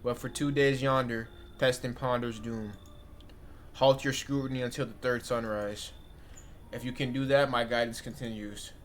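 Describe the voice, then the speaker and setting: A man voicing a mysterious, prophetic visitor who speaks in hushed, solemn pronouncements. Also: mid-range voice, steady tone, moderate pace, a little hiss or hum, natural voice.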